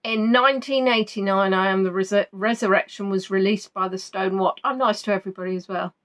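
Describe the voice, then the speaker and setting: A woman's voice: medium pitch, fairly even intonation, fairly quick, fairly bright tone. A woman hosting a live quiz, reading out viewers' answers in a chatty, playful way and musing between questions. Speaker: quiz host.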